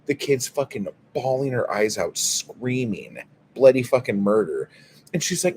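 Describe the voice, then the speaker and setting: A man's voice: medium pitch, very animated, unhurried, a little mellow, a little hiss or hum. A man hosting a casual livestream, telling a story in a profane, exasperated way. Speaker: livestream host. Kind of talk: casual livestream chat, reading viewer comments.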